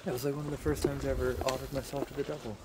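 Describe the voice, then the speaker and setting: A man hosting a night ghost hunt outdoors by a cemetery, joking and quick to laugh as he calls out to spirits. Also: mid-range voice, little pitch movement, very noisy. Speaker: ghost hunting host. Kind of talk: casual chat to camera and to spirits.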